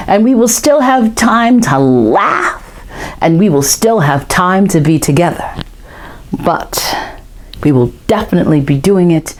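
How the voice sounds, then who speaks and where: A woman in her fifties, a professional storyteller, talking to young audiences in an expressive, animated way and sometimes dropping into a whisper for effect. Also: medium pitch. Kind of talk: storytelling show and promo talk.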